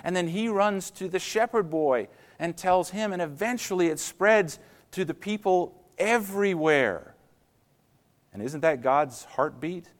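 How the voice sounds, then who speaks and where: A man preaching a sermon as a pastor, earnest and storytelling, slowing down and speeding up for emphasis. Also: sits high, animated. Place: church.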